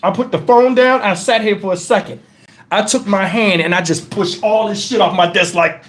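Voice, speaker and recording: A man's voice: sits high, normal speed, fairly bright tone. A middle-aged man tells a story straight to his viewers. He speaks in a heated, profane and emphatic way. It is an angry vlog storytime rant. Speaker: vlogger.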